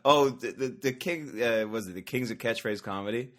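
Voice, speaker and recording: A man co-hosting a podcast in casual chat, joking around and dropping into quick impressions. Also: mid-range voice. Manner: chatty, quick to joke and do impressions. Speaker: podcast co-host.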